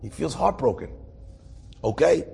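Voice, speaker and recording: A man, a rabbi, telling a story in a casual, conversational way, pausing with fillers and restarts and voicing both sides of the dialogue. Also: a little high, expressive, gravelly, dark tone, breathy edge.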